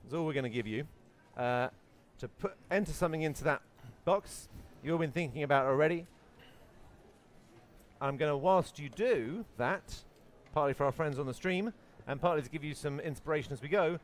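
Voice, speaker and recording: A man hosting a live masterclass for an audience, playful and quick to tease. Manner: playful, puts on a booming movie trailer voice. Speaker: workshop host. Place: event hall with an audience.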